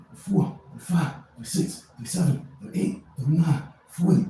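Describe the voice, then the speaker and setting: A man hosts a casual motivational livestream from an indoor room, rambling through a loose, slangy pep talk. His voice is fairly high and mellow, and he talks fairly quickly with hardly any pauses. The room is echoey, with faint ambient noise.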